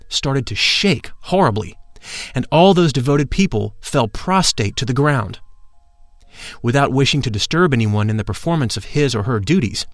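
A man narrating a first-person account in a measured, formal reading voice. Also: mid-range voice, no echo.

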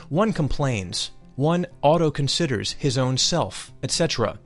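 A man giving a solemn, measured reading of a spiritual text, dwelling deliberately on each phrase. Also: mid-range voice. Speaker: reader of spiritual teachings.

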